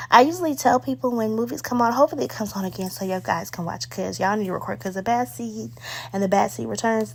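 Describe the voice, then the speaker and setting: A woman talks through a movie review in a loose, chatty way. She gets excitable, uses plenty of slang and fillers, and her voice sits at a middle pitch. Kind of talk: casual spoken movie review.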